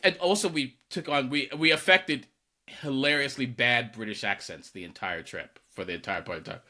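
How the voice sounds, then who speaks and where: A man's voice: medium pitch, fairly quick. A man co-hosting a podcast, telling stories casually and acting out what people said. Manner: animated, acts out quoted dialogue. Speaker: podcast co-host. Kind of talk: casual conversational storytelling.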